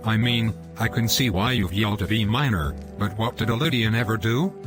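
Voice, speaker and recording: A reproachful, moralizing young guy, voiced by a man, speaking in a lowish voice. He lectures steadily while music plays clearly behind him. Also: normal speed, close to an everyday voice. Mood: scolding. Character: calm, moralizing young male character.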